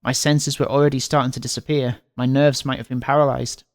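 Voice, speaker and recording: A man in a dramatic read-along. He has a mid-range voice and reads the story lines with mock intensity. Between lines he drops into quiet, joking asides. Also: medium pitch, little pitch movement, a little fast, no room sound, clean studio sound. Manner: reads in dramatic voices, breaks off for muttered jokes. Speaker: streamer reading a visual novel aloud.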